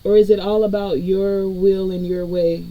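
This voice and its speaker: A woman's voice: mid-range voice, little pitch movement, moderate pace, dull audio. A woman energy reader giving a collective spiritual reading in a conversational way, talking straight to her viewers. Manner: conversational, addresses viewers directly.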